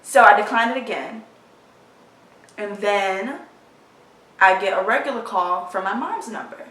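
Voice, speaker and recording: A woman of about twenty, telling a personal story in a halting, emotional way full of fillers, recorded in her apartment. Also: mid-range voice, gravelly, bright, forceful tone, recorded from a distance. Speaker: vlogger. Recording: roomy sound, voice from off the mic.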